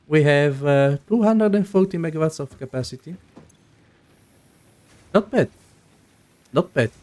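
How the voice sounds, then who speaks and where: Slow-talking man narrating his gameplay. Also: a little high, expressive, a little mellow. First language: not English. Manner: unhurried, thinking aloud with many fillers. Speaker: gaming video host. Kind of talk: casual gameplay commentary.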